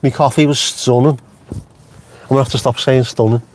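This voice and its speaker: A man's voice: mid-range voice, steady tone, moderate pace, a little mellow, slight background noise. Chatty, sweary man streaming from his car. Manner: chatty, swears freely, jokey tangents. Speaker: vlogger host. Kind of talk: casual live-stream chat. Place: inside a car.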